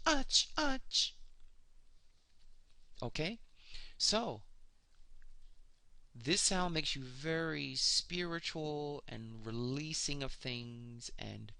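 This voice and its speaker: A man teaches an esoteric lesson on sound magic in a slow, unhurried delivery. His voice is bright and forceful, and he lays out each pronunciation with care. The sound is close and dry. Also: medium pitch, vocal fry, smooth, no room sound. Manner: slow, deliberate explaining, spelling out pronunciations. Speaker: spiritual teacher.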